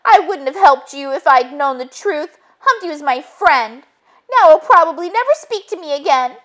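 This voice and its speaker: Woman doing a high, fretful storybook girl; slow and swooping. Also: lively intonation, a bit bright. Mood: upset. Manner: high, distressed and rising.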